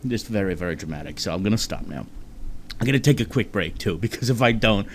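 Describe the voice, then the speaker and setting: A man's voice: fairly low pitch, expressive, fast, slight background noise. A man with a New Jersey accent hosting a web talk show alone, rambling in a chatty, self-deprecating way. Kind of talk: casual solo talk-show monologue.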